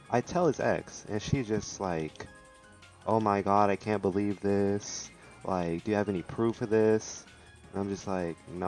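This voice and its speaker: A young man on a live stream rambles through a story, swearing a lot and dropping "like" into every sentence. His voice sits a little low, and soft music plays faintly behind him. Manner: rambling, profane, full of "like". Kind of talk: casual storytime chat.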